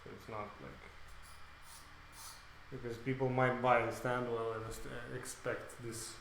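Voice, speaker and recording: A man chatting calmly on a painting stream, measured and full of fillers. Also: mid-range voice. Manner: calm, measured, lots of fillers. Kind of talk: casual chat. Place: big room, echoey. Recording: very echoey room, faint noise.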